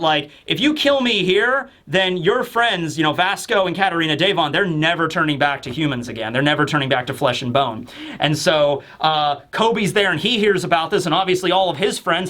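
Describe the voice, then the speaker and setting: A man giving a casual comic review on video, excitable and animated, bursting into shouts. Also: on the high side, brisk. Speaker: manga reviewer.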